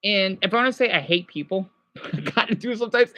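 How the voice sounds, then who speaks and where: A high-voiced man streams live and chats casually with viewers, answering them as he rambles, corrects himself and drops in French phrases. His delivery is brisk, pushed and bright, with no echo.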